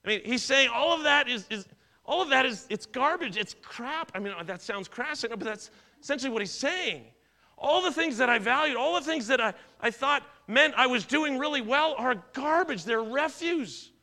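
A man's voice: extremely high pitch, expressive, normal speed, bright, forceful tone. A middle-aged man preaching a sermon as pastor, conversational, telling personal stories and often restarting and repeating words.

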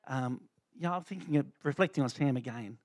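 A man's voice: mid-range voice, brisk, darkish tone, dry recording. A middle-aged man giving an informal church testimony, talking loosely with many fillers and restarts. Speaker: lay speaker sharing a testimony.

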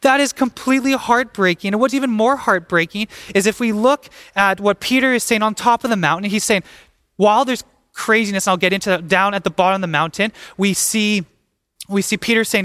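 A young adult man preaching a sermon as pastor, animated and acting out the voices of the people he talks about. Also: high voice, a little fast, no room sound.

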